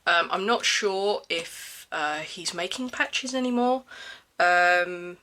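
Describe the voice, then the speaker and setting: A vlogger showing off a pouch in a casual show-and-tell, slightly hoarse from hay fever and pausing often with ums and restarts. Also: medium pitch, bright, forceful tone. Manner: hesitant, many ums and restarts. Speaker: everyday-carry gear reviewer.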